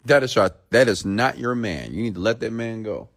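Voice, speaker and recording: A man's voice: on the low side, expressive, brisk, a bit bright. A man hosting a live stream, ranting bluntly and preachily at his viewers, often checking in with "okay?" and reading out their comments. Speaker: host.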